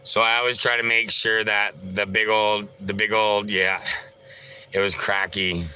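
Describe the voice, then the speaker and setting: Slow, bright-voiced man streaming. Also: on the low side, little pitch movement, faint music behind, low-quality recording. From Canada. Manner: rambling, loose and swearing, many filler sounds. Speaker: livestreamer. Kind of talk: casual live-stream chat, answering viewers.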